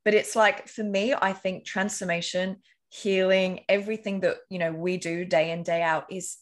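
A woman speaking as a guest on an interview podcast, her voice sitting a little low for a woman. She explains things earnestly and casually, building ideas step by step through examples and letting a swear word slip now and then. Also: little pitch movement, normal speed.

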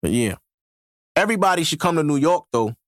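A man's voice: fairly high pitch, sing-song, a little fast, no echo. Male podcast host, casual solo rant, heavy slang and cursing, dry close-mic sound. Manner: loose, profane street slang with frequent laughs. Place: home podcast setup in New York.

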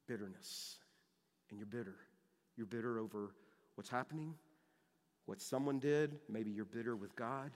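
A man preaching a sermon as pastor, impassioned, swinging between loud emphasis and hushed lows, repeating words as he goes. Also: moderate pace, pauses often, in a large hall. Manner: repeats words and restarts phrases.

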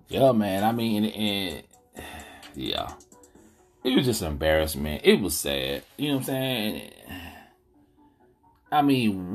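A man with an African American Vernacular English accent delivers a blunt, indignant podcast monologue. His voice sits low and a little husky. Faint music plays under him. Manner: animated, blunt, indignant, frequent "you know what I'm saying". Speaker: podcast host. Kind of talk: casual commentary monologue.

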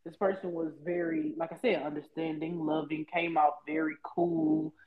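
A woman co-hosting a casual chat, telling stories in an animated, preachy way, full of slang and swearing. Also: deep voice, moderate pace, phone-quality sound.

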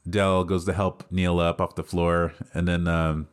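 A man's voice: low voice, flat delivery, measured pace, smooth. A man hosting a casual film review podcast, laughing often as he retells scenes. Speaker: podcast host.

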